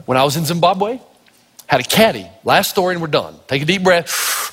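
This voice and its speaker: A male pastor from Tennessee preaching a sermon full of stories, acting out voices and shouting for emphasis. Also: fairly high pitch, big pitch swings, brisk, breathy edge, big-room sound. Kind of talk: sermon with storytelling.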